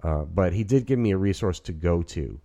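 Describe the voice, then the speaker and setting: Brief: fifties male host, deep mellow voice, rambly and excited. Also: a little fast. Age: 50s. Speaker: podcast host. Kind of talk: casual chat. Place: apartment.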